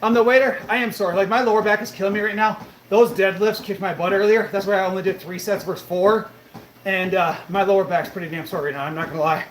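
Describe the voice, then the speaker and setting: A fitness streamer answers his chat fast, his high-pitched voice fairly bright with fairly even intonation. He's relaxed about it, cursing freely and calling viewers bro and brother. Faint background noise fills the echoey room.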